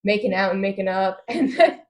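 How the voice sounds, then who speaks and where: A woman's voice: medium pitch, expressive, a little fast. A young woman co-hosting a casual book podcast, slangy and giggly, often acting out characters' lines. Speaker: podcast co-host.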